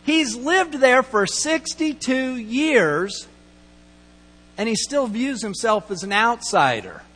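A man's voice: very high voice, big pitch swings, slow pace, a bit bright, husky. A middle-aged man pastor giving a conversational, storytelling sermon and acting out quoted lines. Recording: long hall reverb, mains hum.

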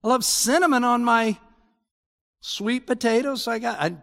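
A man's voice: very high-pitched, normal speed, a bit bright, in a large hall. A male pastor preaching an expository sermon, moving between exclaiming asides and mock complaints, with frequent restarts.

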